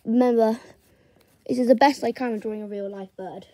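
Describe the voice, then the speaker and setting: A woman's voice: a little high, steady tone, dark tone, no room sound. A young woman giving a casual drawing tutorial, chatting through each step as she sketches. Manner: slow, chatty step-by-step narration while drawing.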